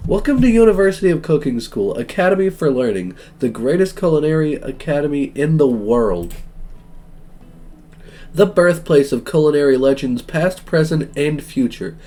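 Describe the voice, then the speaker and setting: A man's voice: fairly high pitch, animated, moderate pace, mellow, close to an everyday voice. A man voicing a grandiose male dog professor in a game, speechmaking theatrically.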